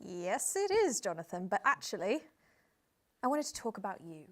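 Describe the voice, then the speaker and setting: A woman's voice: medium pitch, very animated, normal speed, natural voice. A British woman playing a self-styled outback expert who turns amateur therapist, with a theatrical, flowery, condescending manner in a comedy sketch.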